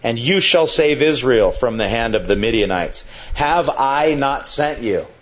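A male pastor working through a sermon passage, chatting more than declaiming and jumping up in pitch to act out the quotes. His voice sits in a middle register, and the recording has a slightly dull, lo-fi sound. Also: expressive, unhurried. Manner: conversational, dramatizes quotes with sudden pitch jumps. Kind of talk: expository sermon.

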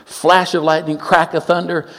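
A man in his seventies from Oakland, California, preaching a sermon with humorous stories, joking and animated, with quick asides. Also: on the high side, big-room sound. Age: 70s.

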